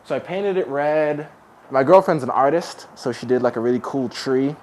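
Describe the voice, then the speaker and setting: Brief: young man with a mid-range voice, relaxed and jokey, loose fillers, giving a home tour indoors. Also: medium pitch, normal speed, slight background noise. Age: young adult. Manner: chatty, laid-back, jokey, with many "like" fillers. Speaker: formerly homeless youth. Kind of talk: casual home tour talk. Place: his own apartment, indoors.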